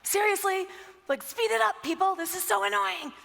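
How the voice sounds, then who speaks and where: A woman's voice: very high-pitched, normal speed, vocal fry, bright, forceful tone, long reverb tail, voice pushed up, exaggerated voice. A woman voicing a hungry, cranky male army veteran who huffs impatient complaints. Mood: irritated.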